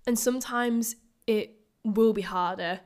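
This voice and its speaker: A woman, hosting a casual solo podcast in a chatty, upbeat, motivational way. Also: fairly high pitch. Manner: upbeat, chatty, motivational, quick bursts of excitement. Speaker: podcast host.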